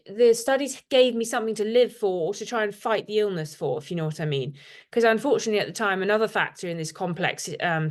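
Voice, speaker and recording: A middle-aged woman from the UK with a British accent, telling her own story to a support group in a frank, self-deprecating way, pausing often with "um". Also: mid-range voice. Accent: British English. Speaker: guest speaker sharing lived experience. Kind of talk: personal testimony to a support group.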